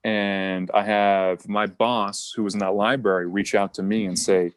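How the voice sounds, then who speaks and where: Rambling young man, low dry voice. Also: normal speed, hardly any pauses, dry recording. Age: young adult. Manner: rambling, self-mocking. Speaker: podcast co-host and stand-up comic. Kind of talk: casual rambling anecdote.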